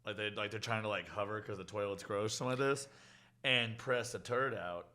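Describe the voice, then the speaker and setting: A man's voice: on the low side, fairly quick, pushed and bright. A man guesting on a casual chat, telling wry, laid-back stories about bar work. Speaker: guest, bartender and singer.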